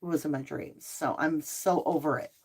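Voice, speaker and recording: A woman's voice: sits low, fairly even intonation, normal speed, darkish tone, slightly rough. A middle-aged woman hosting a casual livestream, chatting and answering viewer comments. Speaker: livestream host.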